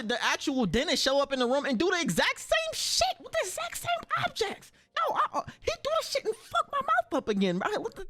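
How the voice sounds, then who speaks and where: Animated young man with slangy storytelling. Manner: animated, swears freely, slangy, acts out quotes with big pitch jumps. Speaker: streamer. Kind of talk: casual storytelling to stream chat.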